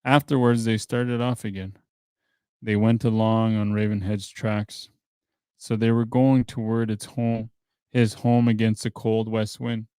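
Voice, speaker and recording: A man hosting a podcast, reading a translated traditional story aloud in a plain, steady way, with dry offhand asides. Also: medium pitch, clean tone, no room sound. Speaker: podcast host.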